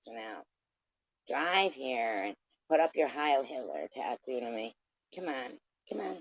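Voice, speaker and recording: A man's voice: medium pitch, very animated, unhurried, creaky, no echo. A man delivering an aggressive, profane, taunting rant straight at his camera. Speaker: vlogger. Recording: dull lo-fi dry sound.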